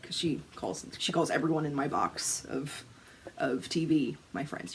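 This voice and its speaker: A woman's voice: sits low, a little slow, creaky, slight background noise. A woman, chatting casually to camera as a crafting vlogger, telling stories with laughs, swearing and acted-out quotes. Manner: animated storytelling, swearing, laughing, acting out quotes.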